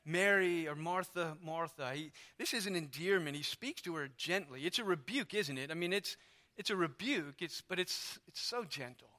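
Male pastor, chatty sermon delivery, high voice with a bright edge, church setting. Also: animated, moderate pace. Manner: conversational, storytelling, lots of asides.

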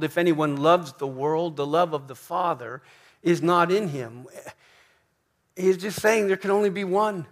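A man's voice: fairly high pitch, normal speed. A man preaching a sermon in a church, emphatic, often repeating questions and asking "right?". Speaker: pastor.

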